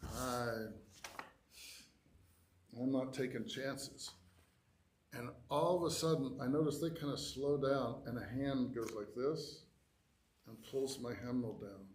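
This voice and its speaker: A man telling a personal story to a church adult education class, acting out his own reactions in lively quoted asides. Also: mid-range voice, takes it slowly, long pauses.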